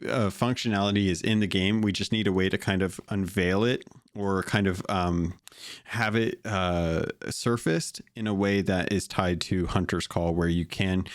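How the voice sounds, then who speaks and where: Deep-voiced man hosting a podcast. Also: fairly even intonation, no echo, clean studio sound. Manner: measured, explanatory, prompts the guest. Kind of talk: casual gaming podcast chat.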